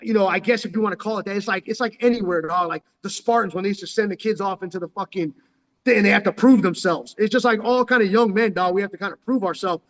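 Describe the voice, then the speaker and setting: A man's voice: sits high, quick pace, fairly bright tone. A man from San Diego, telling rambling street stories into his phone in profane slang, calling the listener "dog" constantly. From San Diego, California. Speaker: vlogger telling life stories. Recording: long hall reverb.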